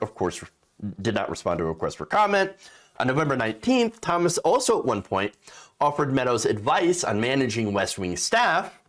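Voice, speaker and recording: A man with a medium-pitched, fairly bright voice reads the news while delivering political opinion commentary. His manner is conversational, sarcastic and indignant.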